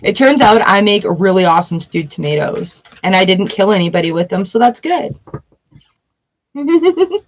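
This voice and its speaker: A woman in her forties chatting casually on a tarot livestream, emotional and quick to laugh. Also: fairly low pitch, slight background noise, rough recording. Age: 40s. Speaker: tarot reader.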